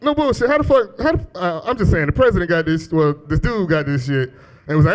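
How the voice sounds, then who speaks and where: With a sing-song, rather high voice, this comedian talks fast. He's in his thirties, doing a loose, foul-mouthed set at a small club on a handheld stage mic, poking fun at the crowd and chuckling at his own gags.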